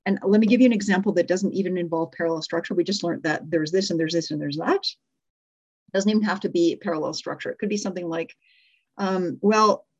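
A woman's voice: lowish voice, a little fast, darkish tone, dull audio. A middle-aged woman teaching a live workshop on speaking, demonstrating examples aloud and correcting herself as she goes. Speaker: communication coach.

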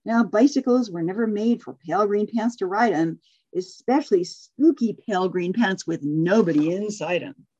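A workshop facilitator with a husky, medium-pitched woman's voice reads a rhyming story aloud, then leads a group discussion. Her storytelling is expressive, she laughs often, and she speeds up when chatting. The audio sounds dull.

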